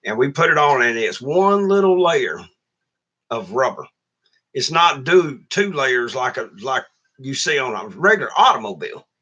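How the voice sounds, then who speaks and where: A middle-aged trucker who hosts a channel rants casually to his livestream viewers, telling stories in a blunt, profane, complaining way. His voice is medium-pitched, bright, and forceful.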